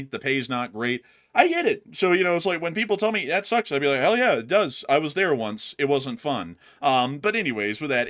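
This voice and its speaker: Animated young man talking politics. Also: mid-range voice. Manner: animated, talks straight to viewers as "folks". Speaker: co-host of a political live stream. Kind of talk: casual political commentary on a live stream.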